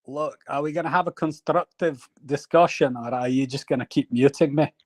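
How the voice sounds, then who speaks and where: Insistent male caller, fairly high voice. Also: normal speed, no echo. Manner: insistent, pushes to change topic. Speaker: caller in a live debate. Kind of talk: call-in debate.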